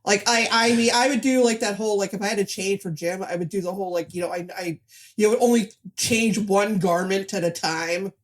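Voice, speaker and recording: A woman's voice: medium pitch, fairly even intonation, fairly quick. A woman co-hosting a comedy film podcast, chatting casually with lots of "like" and dry asides. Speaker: podcast co-host.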